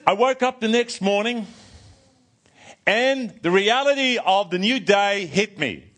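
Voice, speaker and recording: Older guy preaching, kinda high voice, super lively ups and downs, restarts a lot telling his story. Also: a little slow. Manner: animated storytelling, restarts and repeats words. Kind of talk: sermon, personal story.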